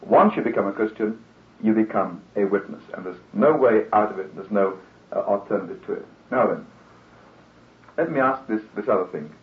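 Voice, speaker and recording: A man's voice: on the low side, animated, moderate pace. A male preacher giving a sermon in an earnest, conversational way, now and then acting out the voices of the people he quotes. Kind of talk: radio sermon. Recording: roomy, tinny old radio broadcast.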